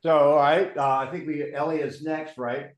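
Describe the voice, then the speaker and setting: A man hosting a real estate coaching session, brisk and directive, steering the discussion. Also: fairly high pitch, steady tone, reverberant, low-quality recording. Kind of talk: coaching a live training session.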